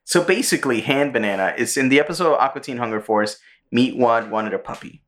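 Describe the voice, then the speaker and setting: A man hosting a casual podcast, recounting a cartoon plot with crude humor and quick bursts of put-on voices. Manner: animated retelling, jumps into squeaky character voices. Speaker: podcast host. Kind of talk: casual chat.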